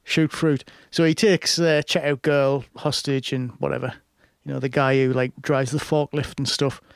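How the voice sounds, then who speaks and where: A man's voice: medium pitch, little pitch movement, normal speed, gravelly, no echo, studio quality. A man telling a long film story in a casual chat, rambling with many fillers and restarts.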